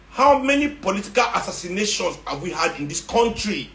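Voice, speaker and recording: A man's voice: high voice, sing-song, a little fast, creaky, few pauses, a bit bright. Nigerian man ranting in an echoey room. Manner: ranting, sarcastic, mixes Nigerian Pidgin. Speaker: social media commentator. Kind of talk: impassioned monologue.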